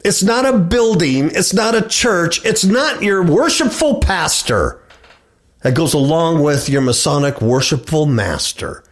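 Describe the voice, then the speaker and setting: A man preaching and reading scripture, taking his time over every phrase. His voice climbs and drops with lively swings. He leans hard on repeated words to hammer home each point. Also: on the high side. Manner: slow, emphatic delivery, repeating words for effect. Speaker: preacher hosting a religious talk show.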